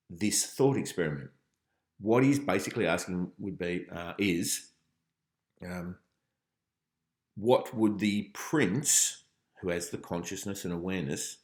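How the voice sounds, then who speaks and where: A man teaching philosophy in a relaxed revision lecture, thinking aloud with frequent ums. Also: fairly low pitch. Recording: roomy echo.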